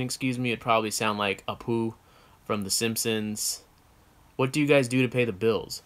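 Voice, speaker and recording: A man's voice: on the low side, unhurried, long pauses, bright, forceful tone, smooth. A man from the United States co-hosting a casual chat show, answering viewer questions in a frank, rambling way with many fillers and self-corrections.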